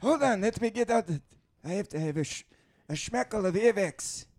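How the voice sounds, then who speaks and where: A man putting on a fussy, whiny old man, pitched very high for a man. He frets and drags out his words in an improvised comedy bit. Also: lively intonation, normal speed, a little mellow. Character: fussy old man fretting over a child.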